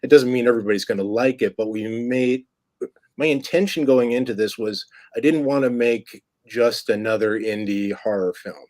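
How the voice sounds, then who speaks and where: A man from Staten Island with a faint New York accent, a filmmaker guest chatting in a relaxed way on an interview show. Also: mid-range voice, moderate pace, no echo. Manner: relaxed and chatty, with many fillers. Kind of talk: casual interview chat.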